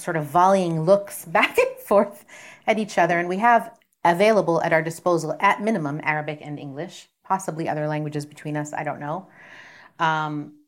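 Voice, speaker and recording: Woman poet from Palestine, lowish voice, measured, reflective, pauses to find words. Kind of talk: poetry reading and conversation.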